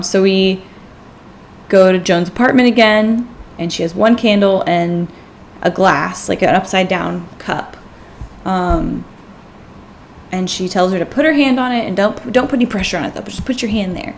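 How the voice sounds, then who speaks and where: Woman on a movie podcast going through the plot, mid pitch, says um a lot, does little voices for quotes, faint noise. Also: normal speed. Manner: chatty plot recap with acted quotes and fillers. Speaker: podcast host. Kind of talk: casual movie discussion.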